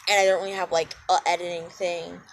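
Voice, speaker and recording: Speaking fast in a low-ish, level voice, a channel owner rambles through a casual vlog into a cheap headset mic, self-deprecating and full of ums and side-tracks. There's slight background noise.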